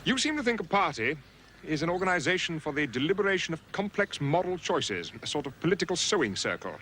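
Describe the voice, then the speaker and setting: An actor playing a stern male revolutionary leader in a historical film, delivering a forceful lecture. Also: a little high, very animated, fast talker, slight background noise. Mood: stern, lecturing.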